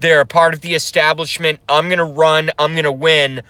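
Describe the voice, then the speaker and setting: A man's voice: a little high, level tone, fairly quick, bright, forceful tone, no echo. A man briefly mimicking a brash male presidential candidate, blunt and boastful.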